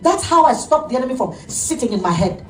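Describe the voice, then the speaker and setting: A middle-aged woman pastor preaching an animated sermon, laughing often as she tells stories. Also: high voice, fast, soft background music. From Nigeria. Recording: echoey room, heard from a distance.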